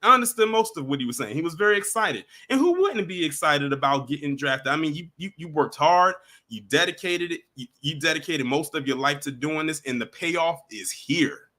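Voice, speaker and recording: A man talks directly to his viewers in casual commentary. His voice sits a little high and rings bright and forceful. He is emphatic and often repeats his points. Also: animated, brisk, hardly any pauses. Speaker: commentary vlogger.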